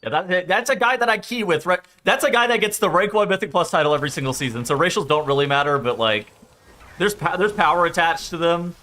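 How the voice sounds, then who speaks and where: A man's voice: sits high, lively intonation, fast, bright, forceful tone. A man chatting casually on a game stream, rambling, swearing freely and laughing often.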